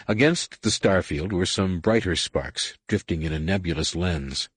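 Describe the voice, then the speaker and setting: A man narrating an audiobook in a steady, measured way. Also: low voice, slightly rough, dry recording.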